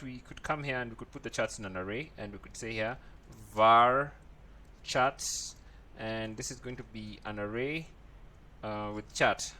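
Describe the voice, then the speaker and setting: A man's voice: medium pitch, sharp tone, slight background noise. A man teaching a coding tutorial, thinking aloud as he types and often checking in with "right?". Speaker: programming tutor. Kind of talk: screen-recorded coding tutorial.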